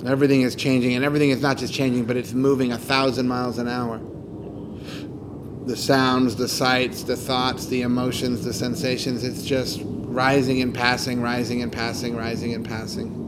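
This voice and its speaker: A man who teaches meditation, guiding a mindfulness practice outdoors in a calm, gentle, unhurried way with soft, repeated questions. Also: medium pitch, background noise. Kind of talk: guided meditation talk. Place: outdoors on a morning walk.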